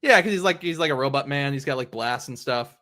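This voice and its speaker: A man's voice: mid-range voice, lively intonation, fast talker, pushed and bright. A young man hosting a casual podcast chat about comics, retelling the story in a rambling way full of "like" and "um". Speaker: podcast host. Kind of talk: casual comic book discussion.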